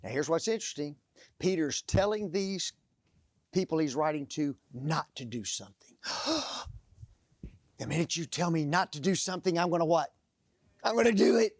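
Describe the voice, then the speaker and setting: A man preaching a sermon, telling stories and pausing to let the audience fill in the blanks. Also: a little high, dry recording. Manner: animated storytelling.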